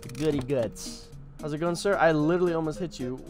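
A young man casually commenting on a horror game, excitable and slangy, talking straight to his viewers. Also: on the high side, a little fast, music in the background. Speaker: gaming YouTuber.

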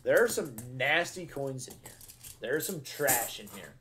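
A man hosts a live coin-hunting stream, chatting casually with viewers in an excitable, slangy way, with loud bursts of cheer breaking up the easygoing talk. His voice is mid-range and a little slow, with a little hiss or hum.

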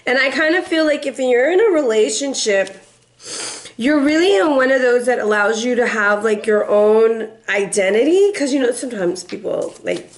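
A middle-aged woman, a tarot reader and life coach, gives a casual reading in a chatty, playful way, acting out quoted voices and slipping into bits of song. Her voice sits on the high side, with lively intonation and a moderate pace.

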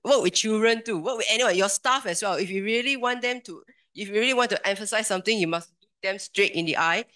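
Quick-talking woman leading a workshop. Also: fairly high pitch, fairly bright tone, clear, resonant tone. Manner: asks the room questions, quick conversational delivery. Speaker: workshop presenter. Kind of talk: workshop lecture.

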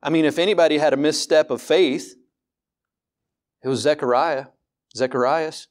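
A man preaching a sermon as pastor, candid and conversational, often repeating words and slowing down to stress a point, with rising rhetorical questions. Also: a little high.

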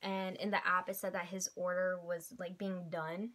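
A young woman hosting a casual vlog, telling a long, animated story and acting out the people in it. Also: lowish voice, moderate pace. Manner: animated, chatty, quotes people in little voices. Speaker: vlog host.

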